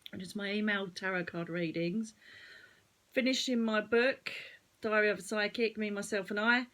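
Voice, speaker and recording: A woman with an Essex accent, a psychic medium hosting her own channel, giving chatty spiritual advice straight to her viewers with a slightly croaky voice. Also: mid-range voice, fairly bright tone. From Essex, England. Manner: chatty, digressing, addresses viewers directly. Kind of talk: casual spiritual advice talk to camera.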